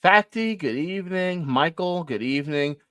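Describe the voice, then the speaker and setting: Male streamer, rambling casual chat, lively delivery, dry room. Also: fairly high pitch, normal speed, clear, resonant tone, no room sound. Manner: rambling, chatty, laughs often. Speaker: live stream co-host.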